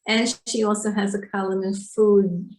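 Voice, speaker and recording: A woman leads an online Torah class, unpacking Hebrew words and putting questions to her students. Her voice sits at a middle pitch. The recording rings with room echo. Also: level tone, moderate pace, darkish tone. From Israel. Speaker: Torah teacher. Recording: echoey room.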